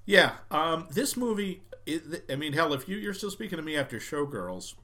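A man's voice: fairly high pitch, very animated, normal speed, pushed and bright. A man in casual chat, reviewing a film with sarcastic, dismissive remarks.

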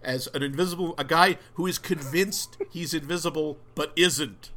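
Animated man retelling film scenes. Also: on the high side, normal speed. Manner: animated storyteller, recounting scenes. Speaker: podcast co-host. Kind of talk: casual film review chat.

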